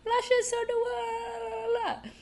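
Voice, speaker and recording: A woman voicing a kindly old man, laughing and repeating warm greetings. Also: extremely high pitch, completely flat delivery, measured pace, gravelly, voice pushed up, heavily acted. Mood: jovial welcoming.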